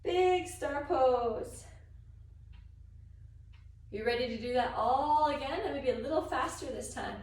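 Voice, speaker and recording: A young adult woman teaching a yoga class for children in a gentle, sing-song, playful way. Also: sits high, quick pace, few pauses. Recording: echoey room, voice from far.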